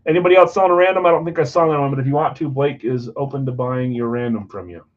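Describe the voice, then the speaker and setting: A man's voice: medium pitch, racing, lo-fi sound. A married man hosting a live card break, chatting casually and rattling off buyers' names and teams. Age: adult, married. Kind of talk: casual live-stream chat. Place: basement card room.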